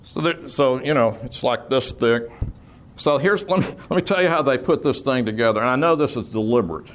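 A man's voice: mid-range voice, a little fast. A man preaching an expository sermon, explaining terms patiently, repeating key words and slipping in dry humor. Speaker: preacher teaching scripture.

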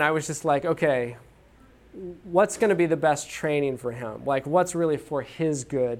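A man in his thirties giving a talk on parenting, telling a story about his own child and acting out what he said with small laughs. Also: on the high side. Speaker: speaker on parenting. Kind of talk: anecdotal teaching talk.

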